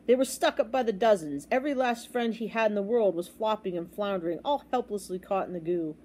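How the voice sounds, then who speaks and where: A woman reading a children's storybook aloud with expressive, dramatic storytelling. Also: mid-range voice, a little fast. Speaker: storybook reader.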